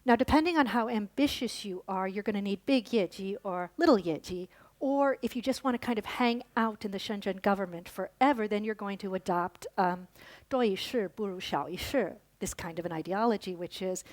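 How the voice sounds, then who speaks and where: A woman's voice: medium pitch, fairly quick. A woman giving a conference lecture, telling a story and then explaining it, with fillers and restarts. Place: lecture hall.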